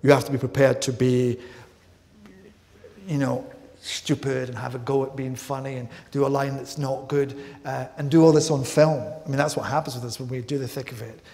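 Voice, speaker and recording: A male actor recounting anecdotes on stage with lively, self-mocking energy. His mid-range voice has a slight gravelly edge, and a long hall reverb trails each phrase. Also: medium pitch, moderate pace. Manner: lively storyteller, mimics others, self-deprecating. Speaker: actor and interview guest.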